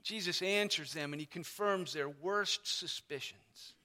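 A man preaching a sermon as pastor, explaining a passage with animated emphasis. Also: fairly high pitch, measured pace. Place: church sanctuary. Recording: long hall reverb.

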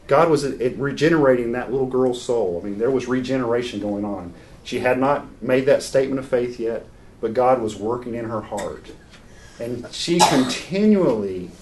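Male preacher, mid-pitched, earnest and unpolished, some restarts, faint noise under it. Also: a little mellow. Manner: earnest, unscripted, frequent restarts. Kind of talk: sermon with personal story.

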